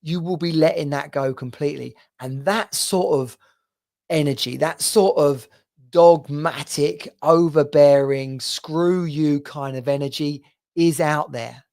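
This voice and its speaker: A man's voice: a little high, unhurried, gravelly, darkish tone. A man hosting a podcast, giving an earnest motivational monologue as a men's coach and speaking straight to the listener.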